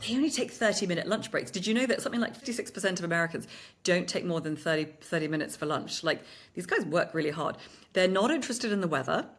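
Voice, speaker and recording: A woman co-hosting a podcast, chatty and animated, with quick laughs and playful sarcasm. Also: on the low side. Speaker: podcast co-host. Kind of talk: conversational podcast discussion.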